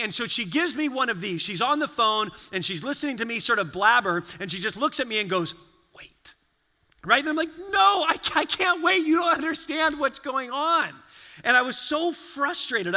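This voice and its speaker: A man preaching a sermon in a church, telling a story with lively, animated delivery and acting out the people he quotes. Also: high-pitched, long reverb tail. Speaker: pastor. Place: church sanctuary.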